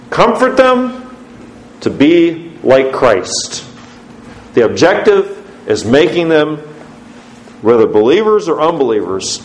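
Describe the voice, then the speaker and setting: A man preaching a sermon as pastor, putting questions to his congregation in an emphatic, lively way. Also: on the high side, slight background noise. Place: church sanctuary. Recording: roomy church echo.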